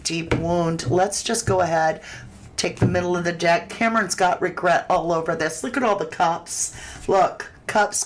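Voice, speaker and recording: A woman's voice: on the low side, a bit bright, low-quality recording. A woman hosting a live tarot reading, chatting through viewers' questions in a conversational way. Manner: chatty and conversational, with frequent restarts and fillers. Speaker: tarot reader host.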